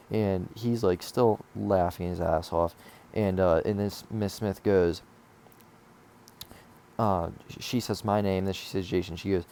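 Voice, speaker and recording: A man's voice: low voice, steady tone, a little slow, mellow, slight background noise. A young man telling a casual storytime, rambling and swearing with lots of fillers and restarts. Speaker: vlogger telling a school story.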